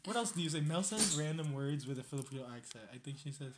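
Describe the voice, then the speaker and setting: Blunt, teasing young woman, lowish voice. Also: animated, quick pace, background noise. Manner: teasing, blunt, swears freely. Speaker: podcast co-host. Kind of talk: casual chat.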